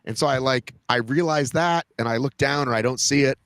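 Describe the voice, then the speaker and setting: A man's voice: mid-range voice, fairly quick, fairly bright tone, no room sound. Guy hosting a podcast, rambly storyteller, says like and right a lot, dry close sound. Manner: rambling, fills talk with "like" and "right?". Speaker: podcast host. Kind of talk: casual storytelling chat.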